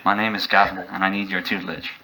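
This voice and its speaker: A man voicing a frustrated, eager young male warrior who talks in a shrill, strained voice and often shouts. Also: flat delivery, quick pace, noisy background.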